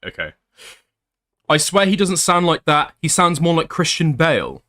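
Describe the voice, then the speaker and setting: A man's voice: a little high, big pitch swings, moderate pace, pushed and bright. A man doing commentary as a YouTuber, reading screenshots aloud with blunt, sarcastic asides.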